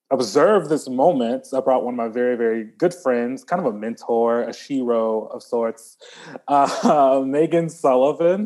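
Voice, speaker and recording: Host voice: upbeat, encouraging man, mid-pitched, loose casual delivery. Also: dark tone. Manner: upbeat, encouraging, many fillers. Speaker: podcast host. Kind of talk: casual interview chat.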